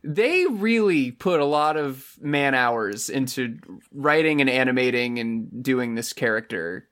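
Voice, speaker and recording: A man's voice: mid-range voice, expressive, measured pace, a bit bright. A man co-hosting a podcast, recapping an anime with sardonic, crude, exaggerated mockery. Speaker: podcast co-host. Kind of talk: casual anime recap chat.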